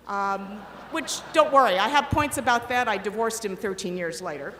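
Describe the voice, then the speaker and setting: A woman's voice: mid-range voice, moderate pace, few pauses, slight background noise. Middle-aged woman storytelling in an echoey hall. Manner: animated, acts out quoted voices. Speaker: commencement speaker. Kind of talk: storytelling speech. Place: large ceremony hall. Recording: echoey hall with long reverb, faint ambience.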